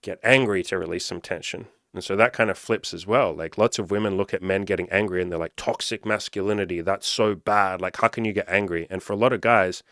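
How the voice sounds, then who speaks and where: A young man with a fairly low voice talks through relationship lessons in a loose, casual monologue. He is blunt, swears freely and leans on "like" constantly. The sound is close and dry, with no room around it. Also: fairly quick, few pauses, a bit bright, no echo. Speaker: coach.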